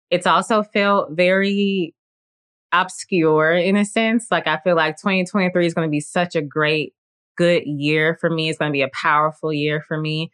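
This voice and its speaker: A woman's voice: deep voice, fairly bright tone, clean tone. A woman in her late twenties hosting a faith-based solo podcast, talking in an earnest, encouraging and reflective way with lots of "like" and "you know". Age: late 20s. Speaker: podcast host.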